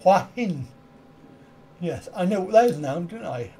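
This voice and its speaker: A man's voice: high-pitched, animated, measured pace, warm tone, slightly rough. A middle-aged man hosting a live stream, chatting casually in reply to viewer comments and often chuckling at his own wry, self-mocking asides. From United Kingdom.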